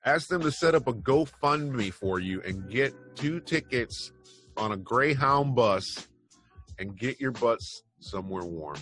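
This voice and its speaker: A man's voice: mid-range voice, expressive, a little slow, a bit bright, soft background music. A man hosting an online news show, talking casually and rambling through his opinions with wry asides. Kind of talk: casual commentary on news headlines.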